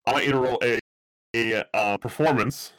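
A man's voice: mid-range voice, moderate pace, fairly bright tone, clean tone, dry recording, rough recording. A man narrating as game master of a tabletop game, rambling with many fillers and restarts.

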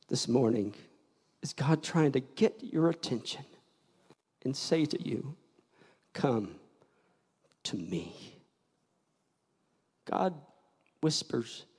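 An older male pastor delivers a sermon in a church, unhurried and deliberate. He swings from hushed near-whispers to loud shouts as he presses toward an altar call. His voice rings with the long reverb of a large sanctuary. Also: mid-range voice, husky.

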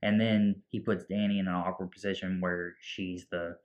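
A man's voice: deep voice, flat delivery, moderate pace, a little mellow, lo-fi sound. A man casually recapping a film scene by scene, acting out the characters' lines as he goes. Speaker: movie podcast co-host. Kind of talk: casual movie recap chat.

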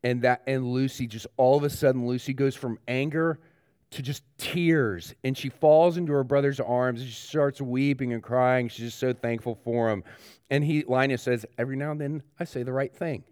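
A man's voice: medium pitch, fairly even intonation, normal speed, darkish tone, clean tone, dry recording, studio quality. A male pastor giving a children's sermon, asking the kids questions and talking to them directly.

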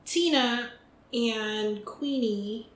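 A woman's voice: on the high side, extremely slow. Chatty woman podcaster, echoey room. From United States. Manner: chatty, trails off and restarts with ums. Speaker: podcast co-host. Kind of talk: casual chat. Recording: echoey room with faint noise.

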